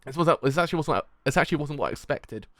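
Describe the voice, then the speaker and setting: An excitable young man reacts to a manga chapter live, swearing and laughing as he goes. His voice sits a little high and bounces all over as he talks. The sound is close and dry, with no room behind it. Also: racing, no echo. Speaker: manga reaction channel host.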